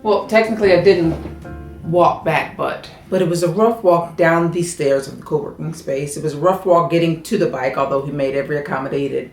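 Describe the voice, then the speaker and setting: A woman's voice: low-pitched, fairly quick, a little mellow, soft background music. A woman vlogging casually to camera from her apartment, chatty and self-deprecating, talking straight to her viewers. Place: indoors at home, her apartment. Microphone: camera set up on a stand. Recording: roomy, echoey room.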